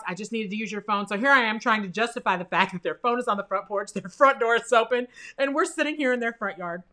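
A young woman telling a personal story with laughs, acting out the voices of the people in it. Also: on the high side. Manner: animated, laughs through the telling; acts out quoted voices in her story.

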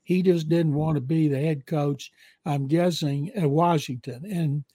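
On a podcast, a longtime NFL writer in his sixties, speaking with a Southern accent, mixes rambling anecdotes with blunt football opinions in a casual way. His voice is warm, slightly rough and on the high side, fairly even in intonation and a little slow, with no echo.

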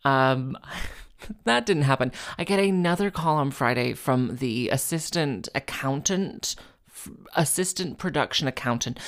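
Rambling woman with vocal fry. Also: very deep voice. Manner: rambling, self-interrupting, full of fillers and restarts; wry, acts out other people's lines. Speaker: harpist. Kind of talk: casual storytelling to camera.

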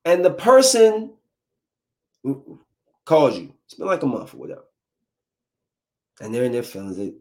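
A man's voice: mid-range voice, huge pitch swings, moderate pace, pauses often, darkish tone. A young adult man delivering a comic monologue, full of incredulous rhetorical questions. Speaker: comedian. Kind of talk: stand-up style comic monologue.

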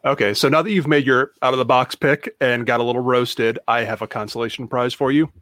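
A man's voice: mid-range voice, fairly even intonation, fairly quick, a bit bright, no room sound, studio quality. A man on a casual sneaker podcast, teasing a co-host with a mock-ceremonial award speech.

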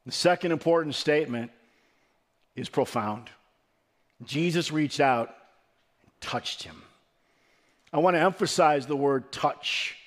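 A man giving a sermon as pastor, earnest and emphatic, his delivery swelling and then dropping low, with the odd stumbling restart. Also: a little slow, long pauses.

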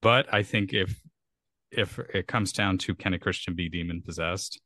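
A man's voice: deep voice, normal speed, bright, forceful tone, dry recording, clean studio sound. A young man co-hosting a podcast, talking earnestly in a rambling, casual way with frequent restarts. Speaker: podcast co-host. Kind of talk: casual conversational discussion.

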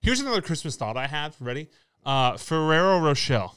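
A man's voice: mid-range voice, big pitch swings, a little fast, fairly bright tone, clear, resonant tone, no room sound. A young American man co-hosting a podcast, chatting playfully and rambling with frequent laughs. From United States. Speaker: podcast co-host. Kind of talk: casual chat. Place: table indoors with cameras.

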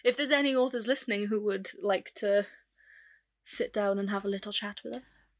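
A woman's voice: mid-range voice, normal speed. A young Welsh woman co-hosting a podcast, teasing and laughing in casual chat. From Wales. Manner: playful, teasing, laughs often. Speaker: podcast co-host.

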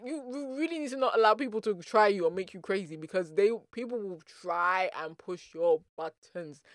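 Bubbly, high-energy podcast host man. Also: no echo, clean studio sound. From Nigeria. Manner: bubbly, energetic, playful, extroverted; slangy, calls listeners "boo boo". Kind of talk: solo motivational podcast chat.

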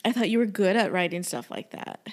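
A woman's voice: medium pitch, a little fast. A young woman in a casual, chatty conversation, lightly teasing. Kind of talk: casual chat.

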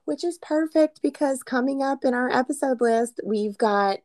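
A woman's voice: high-pitched, normal speed. A woman in her thirties co-hosting a casual book podcast, telling stories and acting out quotes. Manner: animated storyteller, acts out quotes. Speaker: podcast co-host. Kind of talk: casual chat.

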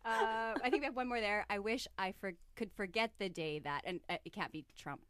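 Easygoing woman interviewer with a bright, crisp voice, dry studio sound. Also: mid-range voice, expressive, a little fast, dry recording. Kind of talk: casual interview questions.

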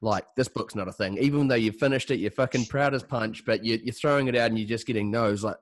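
A man's voice: medium pitch, steady tone, fast talker, no echo. A Scottish man hosting a podcast, asking the guest loose, sweary questions. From Scotland. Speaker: podcast host. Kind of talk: casual podcast chat.

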